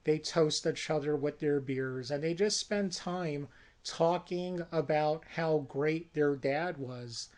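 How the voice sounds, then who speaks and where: A storyteller casually pitching a horror movie, narrating in a folksy, conversational way. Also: slow, a little mellow.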